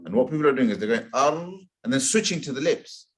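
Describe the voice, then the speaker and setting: A man's voice: mid-range voice, animated, a little hiss or hum. Man teaching Quran pronunciation. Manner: patient, repeats sounds slowly to demonstrate. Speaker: tajweed teacher. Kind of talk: informal Quran pronunciation lesson. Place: community centre classroom.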